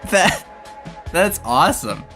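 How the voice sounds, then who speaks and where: Man co-host, giggly rambling comedic banter, slow unhurried pace, lively up-and-down pitch. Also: faint music behind. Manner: giggly, rambling, riffs on silly scenarios.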